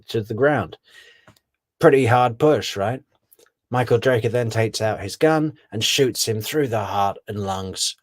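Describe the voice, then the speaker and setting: A man's voice: fairly low pitch, no echo. A man giving casual, rambling commentary on a true crime case, often correcting himself on names.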